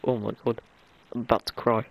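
A man giving let's play commentary, reacting to a game with excitable exclamations. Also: medium pitch, fairly quick, vocal fry, low-quality recording. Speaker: gamer. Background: game music.

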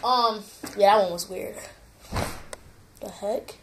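A woman's voice: medium pitch, takes it slowly, slight background noise. A woman chatting casually on her vlog, rambling, apologetic and giggly. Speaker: gaming channel youtuber.

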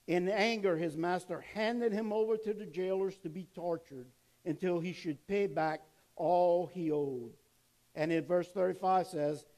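A man's voice: a little high, poor audio. A male pastor preaching a sermon, reading scripture aloud, commenting between verses and asking the congregation questions he then answers. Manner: turns quiet and soft when telling a family story.

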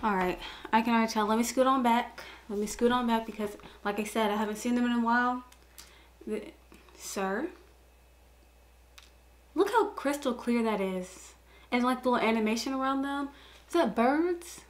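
A young woman hosting a casual reaction video, gushing with excited exclamations. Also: fairly high pitch, a little fast, slight background noise.

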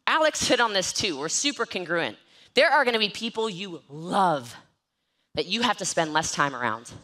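A woman giving an energetic, joking motivational talk on network marketing from an event stage, often mocking herself. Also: lowish voice, normal speed. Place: event stage with live and online audience.

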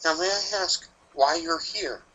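A man's voice: fairly high pitch, unhurried, pushed and bright, voice pushed up, poor audio. A man voicing a polite, nervous female schoolteacher pony in a raised voice.

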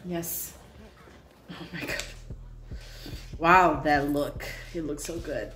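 A woman's voice: low voice, lively intonation, slow pace, long pauses. A woman hosting a reaction video, gushing and giggling as she comments casually. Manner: giggly, gushing fan commentary with frequent laughter. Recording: roomy echo, faint music behind.

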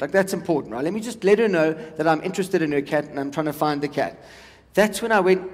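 High-voiced South African comic in a hall. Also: male voice, animated. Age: 40s. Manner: chatty, teasing the crowd, quick asides. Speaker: stand-up comedian. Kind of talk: stand-up comedy set. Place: large hall on stage. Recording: long hall reverb.

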